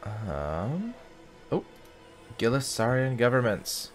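A man's voice: sits low, expressive, moderate pace, soft background music. A man hosting a casual gaming video, chatting and reading game text aloud as he plays. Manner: chatty, reacts aloud and sings snatches of songs.

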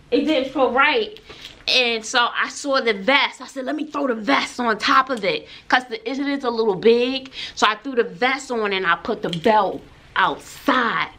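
A woman vlogging in a casual, chatty way, playful and quick to exclaim and laugh. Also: on the high side, sharp tone. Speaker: vlogger showing her outfit.

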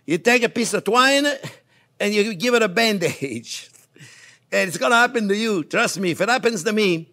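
A man's voice: high voice, moderate pace. An older man, a chef giving a chatty cooking demonstration in a kitchen, joking and laughing as he teaches. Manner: animated, chatty, jokes and laughs while teaching.

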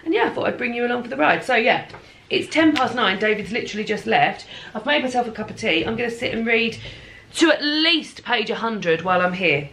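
A woman's voice: on the high side, animated, a little fast, a bit bright, slight background noise. Rambling English woman in an echoey kitchen. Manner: chatty, rambling, self-deprecating, swears casually. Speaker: book vlogger. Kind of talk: casual rambling vlog chat. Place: home kitchen. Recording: echoey room.

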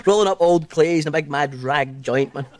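An actor playing a giggly, stoned Scottish slacker who rants in slang about a friend. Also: male voice, fairly high pitch, moderate pace, noisy background, lightly acted. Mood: mocking. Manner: giggly, ranting, full of slang. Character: giggly stoned young male slacker, mocking.

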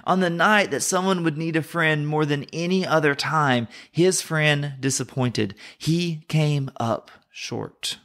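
A man's voice: fairly high pitch, slow pace, few pauses, fairly bright tone. Southern American man teaching scripture. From North Carolina, USA. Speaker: podcast host and Bible teacher.

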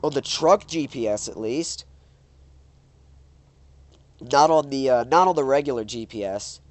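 A man's voice: medium pitch, expressive, measured pace, dry recording. Male gaming commentator, stuffed-up nose, rambling and reactive, dead-dry close mic. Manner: rambling, exclaims at the road. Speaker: gaming YouTuber. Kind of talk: casual gameplay commentary.

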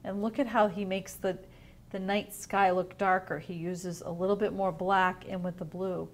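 A woman teacher reading a picture book aloud to young children, drawing out the words and pausing to ask them questions. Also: mid-range voice, level tone. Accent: New England. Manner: gentle, drawn-out reading, asks children questions. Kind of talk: storybook read-aloud lesson. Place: at home.

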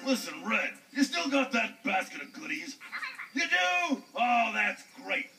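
A man's voice: extremely high pitch, big pitch swings, gravelly, pushed and bright, distant mic, soft background music, full character voice, low-quality recording. A man voicing a goofy, forgetful male wolf in a children's puppet show, cackling and drawing out his words. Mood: chummy. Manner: cackling, drawn-out, showy.

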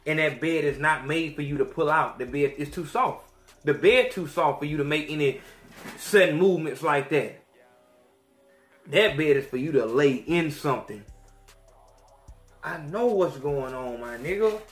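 A young man, a podcast host telling a crude story in a profane, animated rant that swings between loud outbursts and mutters. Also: a little high, normal speed, pauses often, reverberant, faint music behind.

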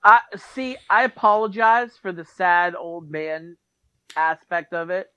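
A man's voice: high voice, measured pace, bright, forceful tone, clean tone, no echo. Man, podcast co-host, enthusiastic casual chat, dry dull-sounding mic. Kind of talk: casual movie review chat.

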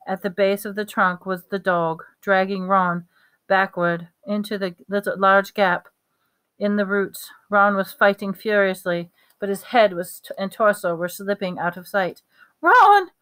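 A woman reading a storybook aloud, halting often to correct herself. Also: mid-range voice, fairly bright tone, smooth. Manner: halting, stumbles and self-corrections. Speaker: reader.

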